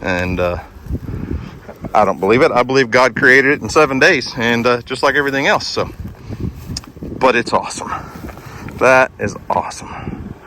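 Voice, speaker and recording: A man's voice: medium pitch, normal speed, long pauses, sharp tone, a little hiss or hum. A man vlogging outdoors as he climbs a wooded hill, out of breath and full of amazed exclamations. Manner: chatty, easily amazed, exclamations like holy moly. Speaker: homestead vlogger. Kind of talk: casual outdoor vlog, walking and talking.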